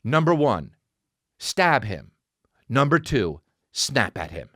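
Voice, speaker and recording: Guy ranting a funny story on his podcast, swears a lot, pitch all over the place, dry close mic. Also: takes it slowly, dry recording. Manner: exasperated, profane, animated ranting. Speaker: podcast host. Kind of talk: comedic storytelling rant.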